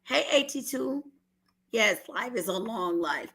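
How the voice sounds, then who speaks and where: A woman's voice: on the high side, lively intonation, measured pace, fairly bright tone. A middle-aged woman from Oakland with an Oakland accent, telling an earnest personal story on a call-in show and holding back tears. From Oakland, California. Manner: earnest, repeats herself, fights back tears. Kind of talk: emotional testimony on a call-in show.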